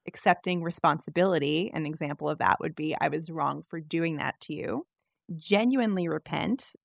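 A woman co-hosting a chat podcast speaks with a fairly low, gravelly voice full of vocal fry. She sounds relaxed and giggles easily while going through a list. The sound is dry and close to the mic. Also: normal speed, no echo. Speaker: podcast co-host. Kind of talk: casual chat.

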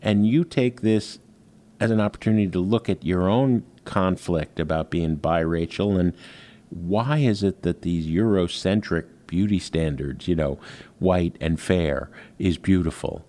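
A man with a very low, mellow, warm voice leads the interview. He speaks in a relaxed, conversational way and sums up the guest's songs and what they say. His tone stays engaged and curious. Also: measured pace. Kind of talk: casual interview talk.

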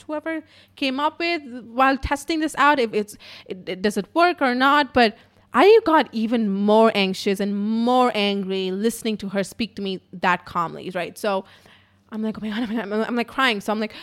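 The podcast host, a young adult woman, speaks at a normal speed with a medium pitch and fairly bright tone. In her casual storytelling monologue she's chatty, curses a lot, and keeps dropping in "like."

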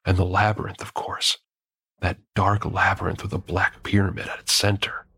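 A male narrator telling a first-person horror story in a measured, grim way. His voice is very deep and gravelly, with a husky, breathy edge. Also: little pitch movement, bright, forceful tone, no room sound.

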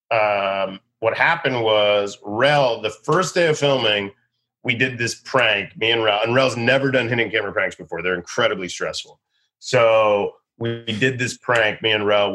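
A man in his thirties, a comedian guest, telling stories in a rambling, animated way with quick bursts of acted voices. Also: on the low side, a little hiss or hum. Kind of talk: casual storytelling interview.

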